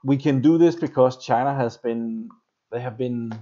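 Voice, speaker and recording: A man's voice: mid-range voice, normal speed, dark tone, muffled recording. Chatty man on a live stream. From Denmark. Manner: rambling, chatty, reads and greets viewers' comments. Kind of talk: casual live stream chat. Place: home, near a basement workshop.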